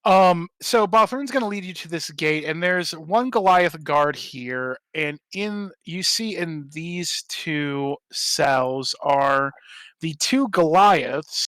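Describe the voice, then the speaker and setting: A man's voice: on the high side, a bit bright, dry recording. A man running a tabletop game as game master, narrating casually with a rambling, apologetic manner.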